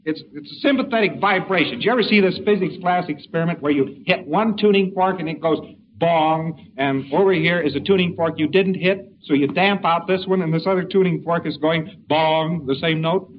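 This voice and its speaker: A man's voice: fairly high pitch, a little fast. A man giving an informal lecture in a folksy, rambling way with wry asides. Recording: dull lo-fi recording with faint hiss.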